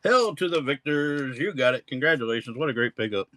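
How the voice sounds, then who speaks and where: A man's voice: mid-range voice, animated, brisk, bright, forceful tone, low-quality recording. A man hosting a live-stream coin auction with folksy, rambling auctioneer patter.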